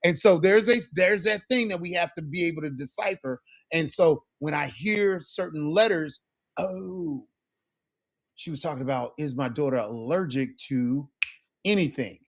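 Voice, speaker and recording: A man whose first language is English, teaching a Spanish class in a lively, upbeat way and checking in with "right?" and "okay?". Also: a little high, moderate pace. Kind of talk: classroom lesson.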